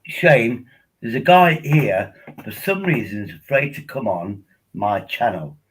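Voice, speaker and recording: A man's voice: mid-range voice, animated, a little slow, fairly bright tone, breathy edge, rough recording. A tipsy man rambling casually as he hosts a live stream, coaxing viewers to join him on air. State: tipsy from drinking. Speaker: livestream host.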